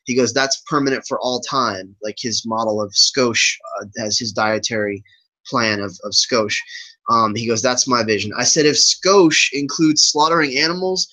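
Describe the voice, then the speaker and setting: A podcast guest chats casually, animatedly retelling an online argument and quoting what each side said. His voice is medium-pitched with a sharp tone, captured in a rough recording.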